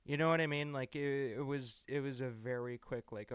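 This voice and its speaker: A man's voice: mid-range voice, steady tone, normal speed, few pauses, clear, resonant tone, dry recording. A man co-hosting a podcast in loose casual chat, swearing freely and acting out quoted dialogue. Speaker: podcast co-host.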